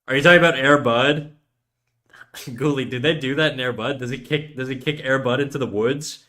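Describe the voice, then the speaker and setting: A man's voice: mid-range voice, normal speed, a bit bright. Rambling man chatting while drawing. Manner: rambling, self-interrupting, jokey. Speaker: streamer giving drawing tips. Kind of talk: casual livestream chat while drawing.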